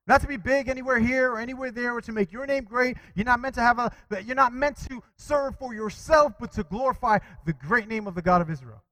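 A man preaching a sermon with animated delivery, calling out to his congregation for responses and quoting scripture. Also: very high-pitched, a little fast, hardly any pauses, no room sound, poor audio. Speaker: pastor.

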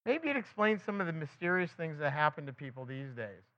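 A man with a high voice teaches a sermon in a relaxed, conversational way. He keeps asking rhetorical questions and slips into quick voices for the people in his stories. The recording is dull and lo-fi. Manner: asks the listeners frequent rhetorical questions; breaks into quick acted quotes of other people. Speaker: Bible teacher.

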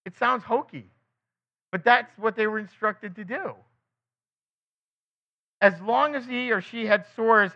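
A man with a high voice teaches a sermon in a relaxed, conversational way. He keeps asking rhetorical questions and slips into quick voices for the people in his stories. The recording is dull and lo-fi. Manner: asks the listeners frequent rhetorical questions; breaks into quick acted quotes of other people. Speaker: Bible teacher.

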